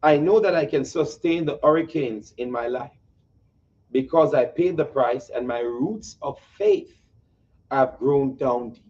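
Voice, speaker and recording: A man's voice: medium pitch, unhurried, darkish tone. Jamaican man hosting, distant and muffled. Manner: affirming, agreeable. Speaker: host. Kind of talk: interview talk. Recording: distant dull mic.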